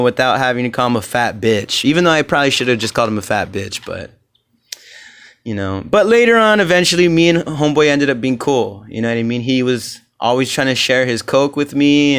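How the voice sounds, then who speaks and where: His medium-pitched voice is expressive, brisk, a bit bright, clear and resonant. Hosting his comedy podcast solo, he chats casually, rambling and swearing through stories and imitating the voices of those he quotes.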